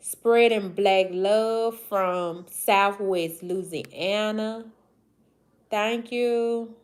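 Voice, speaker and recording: A woman in her forties from the American South with a Mississippi Southern accent, hosting a casual livestream and greeting viewers by name. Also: medium pitch. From Southern United States. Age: 40s. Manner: drawling, slow, affectionate, shout-outs to viewers. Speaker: livestream host. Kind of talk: casual livestream chat reading comments.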